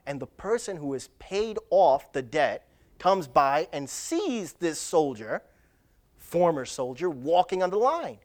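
A preacher giving an animated sermon, stressing and repeating key lines. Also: mid-range voice, measured pace.

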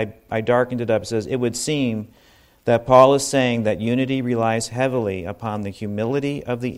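A man giving an informal sermon to a congregation, talking conversationally with asides and restarts. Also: lowish voice. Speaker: bible teacher.

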